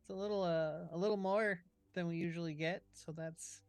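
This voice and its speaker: A man's voice: a little high, steady tone, normal speed, clean tone, no room sound. A man playing a tabletop game, talking in a playful, jokey way and sometimes slipping into character. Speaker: player. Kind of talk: casual tabletop play, partly in character.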